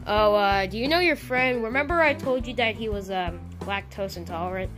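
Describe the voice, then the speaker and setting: A woman's voice: medium pitch, normal speed, over music, pitched below the performer's own voice, close to an everyday voice. A woman doing a fumbling, hesitant doctor. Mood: sheepish. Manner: hesitant, full of "uh"s. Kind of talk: toy play-acting skit.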